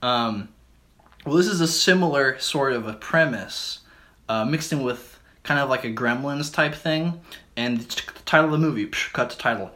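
A man riffs loosely through an invented film plot on a comedy podcast, his words running together in a slightly slurred way. His voice sits at an ordinary middle pitch, and he keeps breaking into laughter and goofy voices as he goes. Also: moderate pace, pushed and bright. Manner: rambling, laughing through lines, slips into silly character voices. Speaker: podcast co-host. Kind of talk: comedic riffing on a made-up movie plot.

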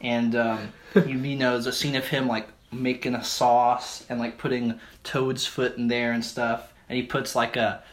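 A man riffs loosely through an invented film plot on a comedy podcast, his words running together in a slightly slurred way. His voice sits at an ordinary middle pitch, and he keeps breaking into laughter and goofy voices as he goes. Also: flat delivery, a little slow. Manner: rambling, laughing through lines, slips into silly character voices. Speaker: podcast co-host. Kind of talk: comedic riffing on a made-up movie plot.

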